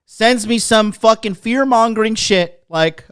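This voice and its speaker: Guy with a high smooth voice ranting on his podcast, swears a lot, dry sound. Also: slow pace, fairly bright tone, dry recording. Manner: profane, blunt and mocking. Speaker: podcast host. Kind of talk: ranting monologue.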